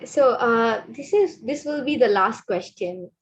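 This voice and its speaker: A woman's voice: a little high, animated, unhurried, slightly rough. A young woman student from Malaysia politely asking interview questions over a video call. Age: young adult. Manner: polite, addresses interviewee as madam. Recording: dull lo-fi call audio.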